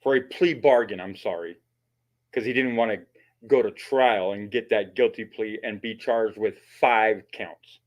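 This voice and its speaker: A man's voice: on the low side, measured pace. A man hosting his channel and giving blunt, mocking commentary on a recorded call, swearing often. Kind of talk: profane commentary.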